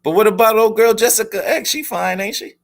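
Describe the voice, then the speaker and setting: A man's voice: high voice, fairly quick, gravelly. A man from the US, hosting a casual chat and asking laid-back questions. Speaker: host.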